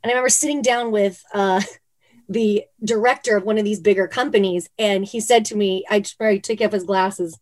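A woman's voice: medium pitch, a little fast. Woman, from Phoenix, interview guest, casual storytelling, chatty, filler-heavy. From Phoenix, Arizona. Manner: chatty, many "like" and "you know" fillers, animated retellings.

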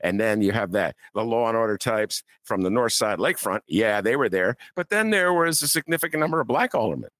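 A man's voice: mid-range voice, animated, fast talker, hardly any pauses, a bit bright, no echo. A man hosting a talk show, riffing with mock outrage and laughter. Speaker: podcast host. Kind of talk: casual political commentary.

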